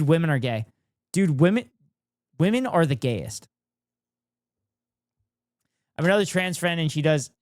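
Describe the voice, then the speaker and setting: A man's voice: medium pitch, a little mellow, no echo, studio quality. A young man streaming, chatting casually and ranting with heavy swearing and sarcasm. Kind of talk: casual stream chat, reacting and reading chat.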